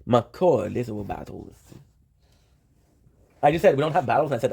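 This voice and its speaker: A man's voice: medium pitch, lively intonation, normal speed, creaky, warm tone, slightly rough, faint music behind. A man streaming live, chatting casually and rambling, often talking to himself and swearing offhand.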